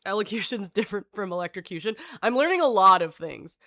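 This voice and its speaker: A woman's voice: mid-range voice, animated, fast, sharp tone, dry recording, studio quality. A woman streamer chatting casually with her viewers, rambling, reading passages aloud, swearing freely and chuckling.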